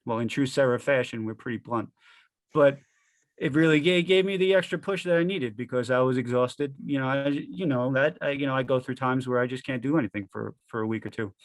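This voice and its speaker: A man's voice: medium pitch, a little fast, no room sound. A middle-aged man, a retired firefighter, talking candidly and bluntly as an interview guest, swearing casually and restarting his sentences.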